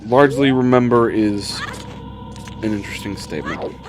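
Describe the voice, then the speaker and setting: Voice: mid-range voice, expressive, moderate pace, background noise. A streamer giving casual running commentary on a game, talking to themself and swearing often as things go wrong. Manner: swears often, talks to self while playing.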